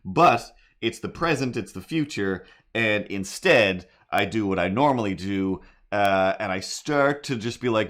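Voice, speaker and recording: A man's voice: lowish voice, measured pace, few pauses. A middle-aged man telling a rambling story on a live stream while drawing, breaking into silly made-up jingles. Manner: rambling, animated, sings silly improvised jingles. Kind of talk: casual livestream storytelling.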